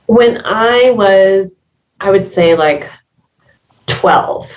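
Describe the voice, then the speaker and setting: A woman's voice: mid-range voice, very slow, noisy background. A woman from the American South with a Southern accent, a podcast guest reflecting thoughtfully, with many fillers and restarts. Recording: distant, roomy, dull remote sound.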